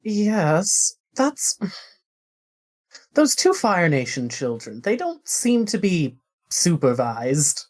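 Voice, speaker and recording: Woman, tabletop player, deep voice, slow, measured, formal. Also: very animated. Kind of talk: playing a character in a tabletop game.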